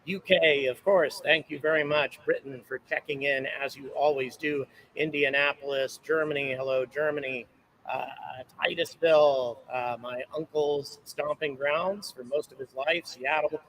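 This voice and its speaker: A man's voice: a little high, a bit bright, poor audio. A man hosting a live stream outdoors, rambling and chatty as he thanks viewers and reads out where they are watching from. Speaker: livestream host. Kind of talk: casual live stream chat. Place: outdoors at a launch site viewpoint. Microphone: own microphone on a handheld camera setup.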